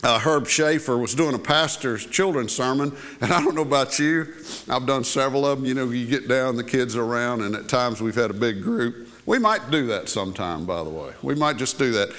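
A man's voice: mid-range voice, animated, fairly quick, fairly bright tone. A man preaching a sermon, telling a story in a folksy, conversational way with asides to the congregation. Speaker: pastor.

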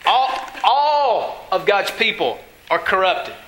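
A man preaching with a high, bright voice that carries. He talks to his listeners earnestly and conversationally and keeps asking them questions. The sound rings around a roomy, echoing space. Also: sing-song, takes it slowly, a little hiss or hum. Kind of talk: sermon.

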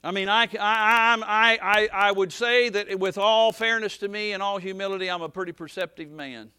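Male pastor, high bright tone, dry close sound, folksy rambling sermon. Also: normal speed, smooth, no room sound. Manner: folksy, rambling, swings from soft to shouting.

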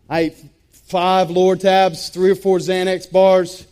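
Intense high-voiced man. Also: flat delivery, slow, darkish tone, clean tone. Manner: intense, repetitive, emphatic storytelling. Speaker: testimony speaker. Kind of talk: personal testimony talk.

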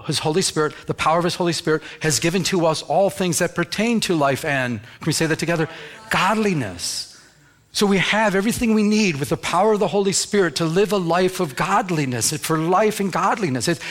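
A man preaches a sermon in an animated storytelling manner. He acts out scenes with little sound effects and jumps high in pitch when excited. Then he sinks into a soft, low tone for the gentler parts. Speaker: pastor.

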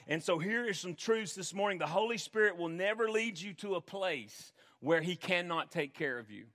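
A pastor preaches to his congregation in an earnest, emphatic way, circling back over phrases to drive them home. He is a man with a high, ringing voice. His words trail off into the long reverb of a large hall. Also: lively intonation, normal speed, few pauses, a bit bright. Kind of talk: sermon.

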